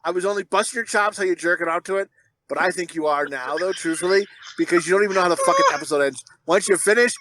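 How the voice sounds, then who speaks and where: A man's voice: high-pitched, fast, bright, forceful tone, dry recording, low-quality recording. A man co-hosting a podcast, telling rambling stories and teasing his friends with crude, profane jokes. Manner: rambling storyteller. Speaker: podcast co-host. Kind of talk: casual chat.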